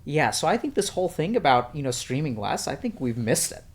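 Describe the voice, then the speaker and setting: A man, a psychiatrist, speaking in a measured way and asking probing questions in a counseling-style talk. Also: fairly high pitch, big pitch swings. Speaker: psychiatrist guest. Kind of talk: counseling conversation.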